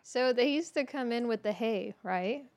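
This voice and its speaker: A woman tells a story on a casual podcast, swearing often and laughing as she goes. Her voice sits a little high. The sound is dry and close, with no room echo. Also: moderate pace. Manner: animated, swears freely, laughs through her stories. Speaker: podcast co-host.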